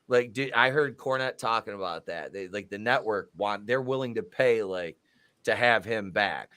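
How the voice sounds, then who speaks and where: A man's voice: fairly low pitch, moderate pace, pushed and bright, clear, resonant tone. A man co-hosting a casual podcast chat, talking animatedly, laughing often and acting out quotes in exaggerated voices. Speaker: podcast co-host.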